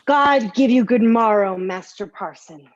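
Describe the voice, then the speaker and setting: A woman's voice: on the high side, a little slow, natural voice. A woman playing a polite country girl. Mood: deferential. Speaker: actor. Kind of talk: live-streamed Shakespeare reading. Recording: dull, lo-fi audio.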